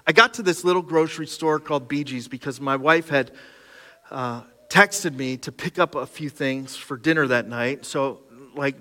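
A man's voice: medium pitch, normal speed, sharp tone. A middle-aged man, a pastor, telling an emotional personal story in a sermon, candid and open. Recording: long hall reverb.

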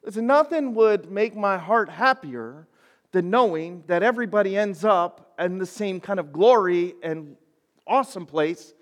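A man preaching to high schoolers, casual and folksy, building to emphatic points. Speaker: youth pastor. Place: church sanctuary. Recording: long hall reverb.

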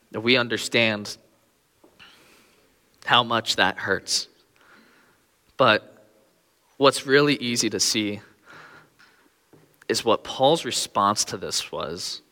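A man's voice: lowish voice, takes it slowly, long pauses, sharp tone, long reverb tail. A young man preaching a sermon in an earnest way, his voice rising when he pleads.

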